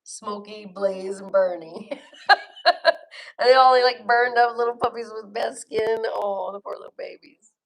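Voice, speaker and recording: A middle-aged woman from Florida hosts a livestream, chatting casually, reading viewer comments, laughing often and swearing bluntly. Her medium-pitched voice is gravelly, steady in tone and moderately paced.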